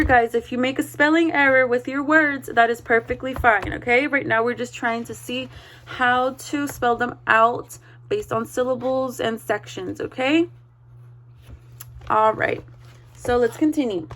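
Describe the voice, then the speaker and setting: A woman teaching a read-aloud vocabulary lesson, spelling words out slowly and encouraging the class. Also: fairly high pitch, fairly even intonation, fairly bright tone. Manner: slow, spells words letter by letter; encouraging, checks in with "okay?".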